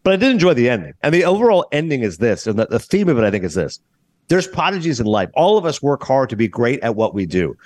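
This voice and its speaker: A man's voice: medium pitch, quick pace, dry recording. A man hosting a podcast, chatting casually about a movie and acting out characters' lines. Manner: animated, acts out characters' lines. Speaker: podcast host. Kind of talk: casual movie review chat.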